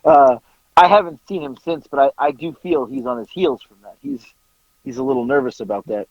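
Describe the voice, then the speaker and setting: A man on a podcast telling a casual story, animated, acting out bits of dialogue and swearing casually. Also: a little high, a little fast, gravelly, dry recording, dull audio. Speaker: podcast co-host.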